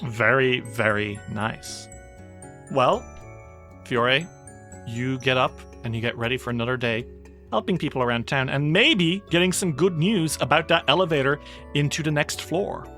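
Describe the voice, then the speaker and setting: A game master narrating a tabletop game in a relaxed, meandering way with many fillers. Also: medium pitch, normal speed, faint music behind.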